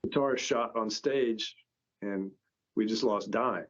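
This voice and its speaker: A man's voice: lowish voice, slow pace. A man, a company founder, telling stories as a podcast guest in a rambling, stop-start way. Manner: rambling, with many restarts. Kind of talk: casual storytelling. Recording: dull lo-fi podcast audio.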